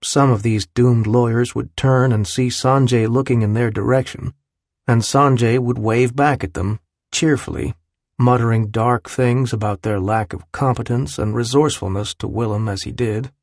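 Gravelly man narrating an audiobook. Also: medium pitch, fairly even intonation, normal speed, a little mellow, no room sound, clean studio sound. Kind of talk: scripted narration.

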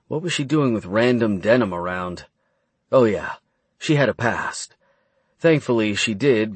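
A man reads an audiobook in an even, steady manner. His voice sits low with a husky grain. The recording is close and dry. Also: no room sound. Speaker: narrator. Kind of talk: scripted audiobook narration.

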